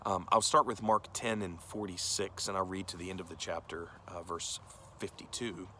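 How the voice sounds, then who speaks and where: A man's voice: low-pitched, flat delivery, normal speed, pushed and bright, a little hiss or hum. A male pastor giving a conversational sermon, earnest and direct, often asking the listeners questions.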